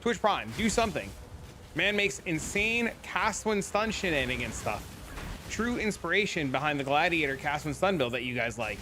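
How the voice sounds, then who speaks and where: A man's voice: a little high, normal speed, background noise. A man in his thirties streaming a video game, chatting casually with viewers and swearing freely. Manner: animated, profane, chatty with viewers. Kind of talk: casual gaming livestream chat.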